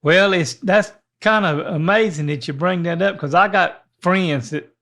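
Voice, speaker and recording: A man's voice: high voice, moderate pace, fairly bright tone. An older man, co-hosting a podcast in a rambling, folksy way. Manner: rambling, folksy, many restarts. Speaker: podcast co-host. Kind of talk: casual chat.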